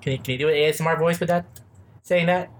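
A man hosting a casual podcast, excitable, swearing and laughing often. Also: a little high, fast talker, a little hiss or hum. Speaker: podcast host.

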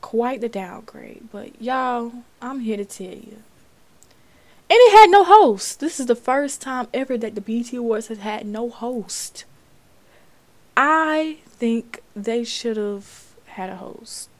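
A young woman from Florida hosts her own podcast, chatting loosely and reacting to the news as she reads it aloud. She sounds animated, with a voice a little higher than most women's. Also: slow pace. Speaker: podcast host. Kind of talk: casual commentary.

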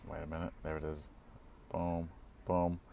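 A man with a very low, deep voice rambles through a casual monologue from the seat of his parked car. He stretches his words and leans on fillers, breaking into small chuckles now and then, while faint traffic and car noise hums in the background. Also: completely flat delivery, moderate pace, creaky, dark tone. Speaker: vlogger.

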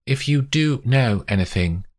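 A composed woman investigator, put on by a male narrator, pitched high above his own husky voice. She asks her questions level and probing, with a lively lilt, in an audiobook scene. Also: unhurried, heavily acted. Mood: serious. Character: calm, probing female investigator.

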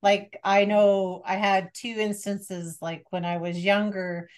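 A young woman hosts a relaxed podcast conversation. She is chatty and shares personal stories. She keeps the talk moving with quick affirmations. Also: medium pitch, clear, resonant tone. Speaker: podcast host. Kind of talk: casual podcast interview.

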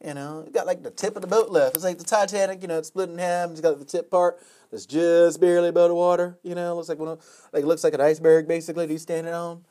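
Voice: medium pitch, fairly even intonation, fast, mellow. A storyteller telling a long joke in a casual, rambling way, full of "you know" and "whatever".

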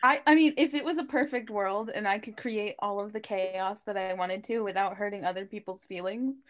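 A woman's voice: mid-range voice, a little fast. A woman in a casual group chat, telling a story with casual swearing.

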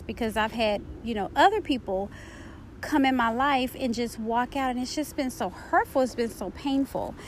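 A woman hosting a podcast, talking candidly about painful events in a searching, personal way with casual slang, and reading a book passage aloud slowly. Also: fairly high pitch, fairly bright tone, slight background noise. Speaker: podcast host. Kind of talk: personal reflective monologue.

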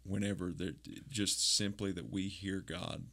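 A man interviewing a guest about faith and grief, speaking gently and affirmingly. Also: deep voice, flat delivery, measured pace.

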